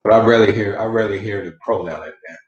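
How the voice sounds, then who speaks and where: A man's voice: lowish voice, fairly even intonation, racing, echoey room, dull audio, a little hiss or hum. A man teaching a casual Spanish lesson, repeating phrases and modeling question inflection with encouragement. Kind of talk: casual online language lesson.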